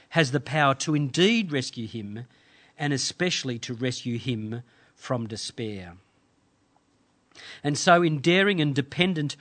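A man delivering a sermon in a slightly higher-pitched voice. He speaks in measured, earnest phrases, pausing often to let scripture sink in. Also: fairly bright tone. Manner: measured, earnest preaching with dramatic pauses. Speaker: pastor.

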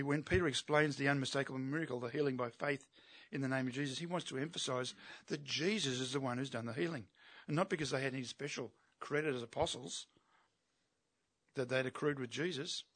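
A man's voice: medium pitch, fairly bright tone, no echo. A man preaching an expository sermon, emphatic and asking his listeners rhetorical questions.

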